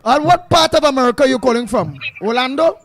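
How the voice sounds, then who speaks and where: Very high-voiced Trinidadian radio host. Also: male voice, animated, a bit bright, no echo. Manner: brisk, friendly banter with callers. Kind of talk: casual talk-radio chat.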